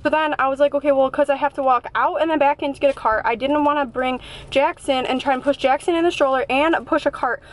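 A woman's voice: sits high, fairly even intonation, fast talker. A young woman, a mother, telling a rambling, chatty story to her camera from inside her car, saying "like" constantly. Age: young adult. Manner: rambling, chatty, heavy use of "like". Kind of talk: casual vlog storytelling.

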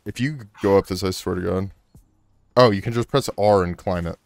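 A man casually chatting and swearing excitedly while playing a co-op video game. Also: deep voice, brisk, gravelly, no room sound, faint music behind. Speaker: gameplay streamer. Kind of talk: casual co-op gameplay chat.

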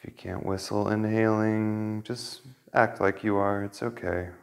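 Gently guiding man with a lowish voice. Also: a little slow, vocal fry. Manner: relaxed, gentle instruction with light laughter. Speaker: yoga teacher. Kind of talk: guided kundalini yoga class.

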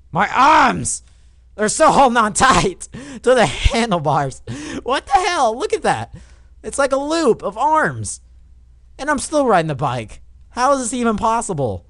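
Young man yelling over a game. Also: sits high, sing-song, normal speed, no room sound, studio quality. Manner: swears and yells at the game, then goes quiet. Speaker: gamer. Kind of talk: casual let's play commentary.

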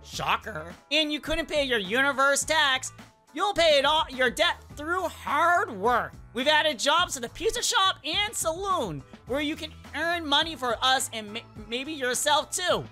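A woman's voice: high voice, lively intonation, a little slow, pushed and bright, soft background music, heavily acted. A woman reading out the lines of a smug non-human cosmic being, delivered in a dry, mocking way.

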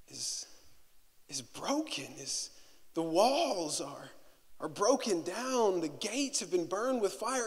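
A male pastor preaches a sermon in a church sanctuary, and his voice sits high. He shifts between slow, hushed reflection and loud, rising preaching, often repeating words and restarting phrases, with long hall reverb on the recording.

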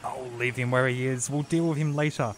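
A man voicing a brisk male yard manager giving orders. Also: mid-range voice, fairly even intonation, slight background noise, close to an everyday voice. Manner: brisk, commanding.

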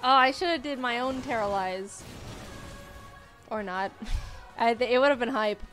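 A young woman in her twenties casually commenting while playing a video game, often jumping high when excited. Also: unhurried. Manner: excitable, squeals high at cute creatures. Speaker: gaming YouTuber. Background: faint game music.

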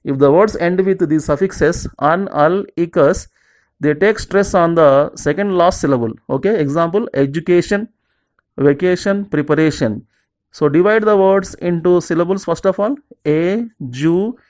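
A teacher, giving an exam-prep lesson and repeating word lists slowly, with each example word said lower. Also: a little mellow. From southern India. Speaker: English teacher.

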